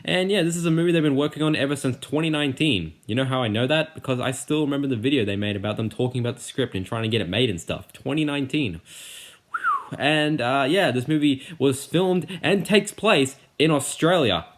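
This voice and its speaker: A young man talks through a movie review in a loose, excitable way, swearing freely and restarting his sentences. His voice sits at an ordinary middle pitch for a man, and he sounds like a channel host chatting to viewers. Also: fairly quick, hardly any pauses. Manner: excitable, profane, rambling with many restarts. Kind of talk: casual spoken movie review.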